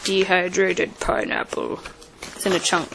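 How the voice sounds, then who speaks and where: A woman's voice: on the low side, little pitch movement, unhurried, gravelly, background noise. A young woman at home filming a casual unboxing vlog, chatting with her kids and reading out snack names into the camera mic. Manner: chatty, reads product names aloud, coaxes her kids.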